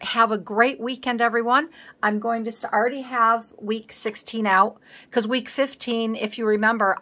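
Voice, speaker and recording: A woman's voice: on the high side, pushed and bright. Chatty self-teasing woman crafter. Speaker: craft channel host. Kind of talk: casual crafting vlog chat.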